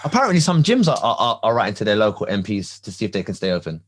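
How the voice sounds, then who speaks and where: A man, co-hosting a casual chat and telling a story in an animated, laughing way full of slang. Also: on the low side, racing, slightly rough. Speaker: podcast co-host.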